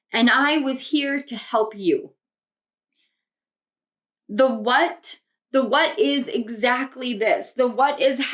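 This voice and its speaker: A woman's voice: high-pitched, fairly bright tone. A young adult woman giving an intuitive tarot reading to camera, earnest and reflective, often repeating her phrases. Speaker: tarot reader.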